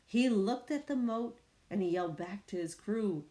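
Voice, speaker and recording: A woman reading a children's picture book aloud, with slow, expressive storytelling. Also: mid-range voice. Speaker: reader.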